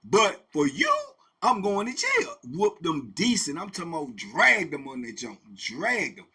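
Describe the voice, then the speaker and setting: A man hosting and telling a story in a casual, animated, slang-heavy way, repeating phrases for effect. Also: fairly high pitch, measured pace, breathy edge. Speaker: host and storyteller.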